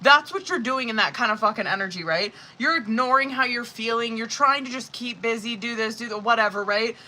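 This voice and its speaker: A woman's voice: fairly high pitch, a little fast, pushed and bright, a little hiss or hum, rough recording. A woman running a live-streamed tarot reading in a casual, rambling way, with heavy swearing, many fillers and exasperated asides. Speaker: tarot reader.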